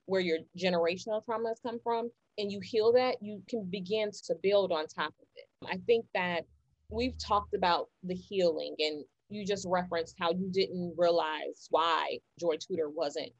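An earnest, encouraging woman hosting a talk, her voice sitting a little low. The sound is dry and close with a slightly dull, muffled tone. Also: no echo. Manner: earnest, encouraging, repeats phrases for emphasis. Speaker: podcast host. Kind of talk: casual conversation about healing.

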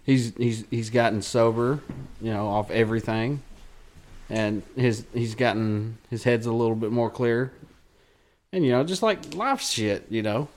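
A man's voice: medium pitch, unhurried, darkish tone, slight background noise. A man co-hosting a podcast, rambling in casual, swearing banter. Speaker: podcast co-host. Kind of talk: casual chat.

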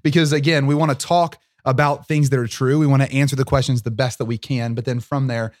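A man co-hosting a faith podcast in a studio, talking quickly and upbeat with a joking edge. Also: mid-range voice, steady tone, no room sound. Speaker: podcast co-host.

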